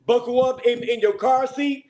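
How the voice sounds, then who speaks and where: High-pitched male fan host, revved up and repetitive, loud crowd behind him. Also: normal speed, poor audio. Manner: energetic, repeats calls like "hey, listen, man". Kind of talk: hyped-up fan chat.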